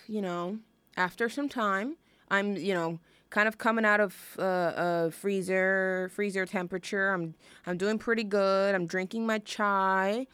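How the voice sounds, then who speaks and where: A woman's voice: mid-range voice, fairly bright tone, dry recording. A young woman hosting a music show in a casual, rambling chat, full of fillers and gushing asides.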